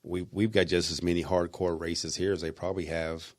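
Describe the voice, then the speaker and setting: A man's voice: low-pitched, little pitch movement, fairly quick. A man co-hosting a podcast in casual, profane banter, sounding tired and rambling. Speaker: podcast co-host.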